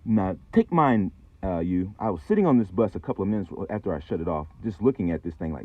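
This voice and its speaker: Low-voiced man rambling through a story. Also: big pitch swings, fast, few pauses. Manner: rambling, profane, conspiratorial. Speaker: channel host. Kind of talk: casual storytelling vlog. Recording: tinny phone-like sound.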